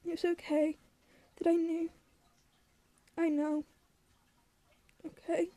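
A woman reading the part of a gravely ill mother who speaks softly and tenderly, sometimes through tears. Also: high-pitched, flat delivery, normal speed, no room sound. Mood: tearful. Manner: soft, tender, pleading. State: crying in places.

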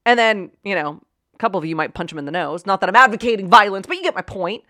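Woman, motivational talk host, conversational, swings from soft to loud, dry close sound. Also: medium pitch, animated, quick pace, no echo. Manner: conversational, swings from quiet musing to loud emphatic outbursts. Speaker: podcast host.

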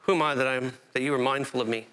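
A man preaching a sermon as pastor, animated and self-interrupting, climbing to emphatic peaks. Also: mid-range voice, quick pace, clear, resonant tone.

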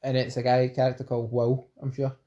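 A Scottish man co-hosting a podcast in casual, rambling chat, talking films with real enthusiasm. His voice is dark and mellow, relaxed rather than bright. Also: mid-range voice, fast, dull audio. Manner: enthusiastic, rambling film talk. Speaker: podcast co-host.

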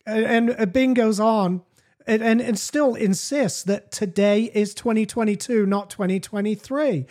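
A woman's voice: a little high, measured pace, a little mellow. A woman podcast host giving profane, mocking comedic commentary while reading chat logs aloud.

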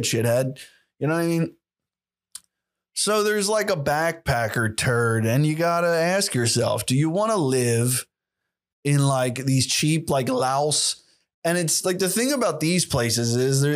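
Rambling, sweary male podcast host. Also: medium pitch. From United States. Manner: rambling, profane and sarcastic. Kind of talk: casual solo rant.

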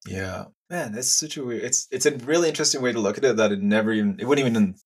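A man's voice: medium pitch, fast talker, husky. A man hosting a podcast interview, reacting to his guest in a thoughtful, admiring way. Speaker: podcast host. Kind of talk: conversational interview.

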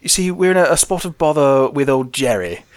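A man's voice: on the high side, animated, a little fast, a crowd in the background, close to an everyday voice. A man voicing an overly polite, posh British officer who stammers apologies, in a tabletop role-play game. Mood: ingratiating.

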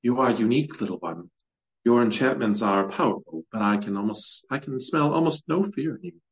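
A man reading aloud and voicing an ancient monstrous female swamp hag who speaks with slow, hushed, purring menace. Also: mid-range voice, expressive, lightly acted, low-quality recording.

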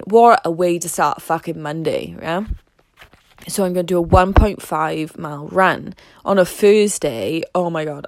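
A woman's voice: mid-range voice, no echo. A woman vlogging in a casual, fired-up monologue about a fitness challenge, swearing heavily and speaking with intense emphasis.

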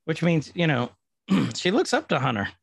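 A man's voice: on the high side, sing-song, moderate pace, gravelly, breathy edge, no echo, studio quality. A man co-hosting a casual podcast, chatting and joking as he recaps an episode. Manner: playful, jokey, retells scenes. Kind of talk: casual chat.

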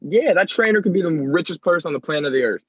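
A man's voice: a little high, expressive, fast, husky, no echo. A man co-hosting a podcast while sick, his voice stuffy, joking around in casual chat. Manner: jokey, wry. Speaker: podcast co-host. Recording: dull, dry mic.

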